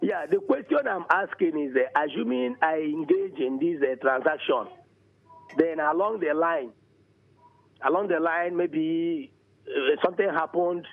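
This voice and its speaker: A man calls in to a talk show and asks a halting question full of fillers. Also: a little high. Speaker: phone-in caller. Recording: tinny phone line.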